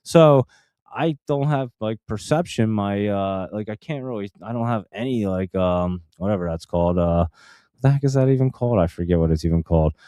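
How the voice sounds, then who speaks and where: A man's voice: lowish voice, a little fast, warm tone, dry recording. A man telling a casual story in a rambling way, full of fillers and restarts. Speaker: stock channel host.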